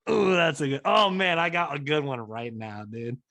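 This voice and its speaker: A man's voice: a little high, moderate pace, no echo. A man hosting a podcast, telling a story in rambling, profane casual chat. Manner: rambling storyteller, heavy swearing, animated. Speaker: podcast host.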